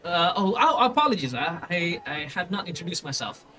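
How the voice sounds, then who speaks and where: A man's voice: sits high, very animated, fairly quick, bright, forceful tone, slight background noise, exaggerated voice. A man voicing a pompous, portly male scholar who stammers and fawns nervously. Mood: fussy, flustered. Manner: flustered, stammering, theatrical.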